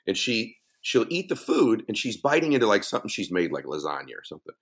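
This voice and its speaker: Animated middle-aged man telling a story. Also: on the low side, quick pace. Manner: animated storyteller, laughs and mimics voices. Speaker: podcast guest. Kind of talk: storytelling conversation.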